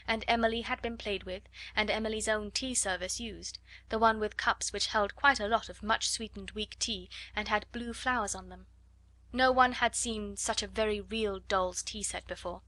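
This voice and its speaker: A woman narrates a classic children's novel in a measured, expressive storytelling voice. Her pitch sits in a middle range. The recording is dry and close, with no room sound. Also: dry recording. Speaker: audiobook narrator. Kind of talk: scripted narration.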